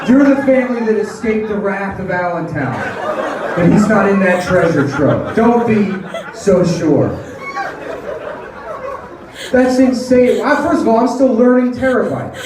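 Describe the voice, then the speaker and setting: A man's voice: sits high, measured pace, pauses often, far from the mic, a crowd in the background, background noise. Man doing crude stand-up in echoey club. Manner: crude sarcastic riffing, mocking voices. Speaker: stand-up comedian. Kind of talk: stand-up set.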